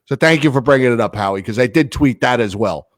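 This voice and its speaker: A man's voice: medium pitch, quick pace, no echo. A man co-hosting a casual sports podcast, ranting animatedly and swearing freely. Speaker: podcast co-host. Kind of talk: casual chat.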